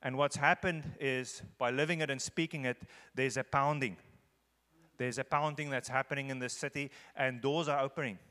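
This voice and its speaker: A man's voice: mid-range voice, steady tone, moderate pace, sharp tone. A man from Africa, a visiting guest speaker in a large church, talking conversationally and earnestly, often repeating phrases for emphasis. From South Africa. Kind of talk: conversational church talk leading into a sermon. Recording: echoey church hall.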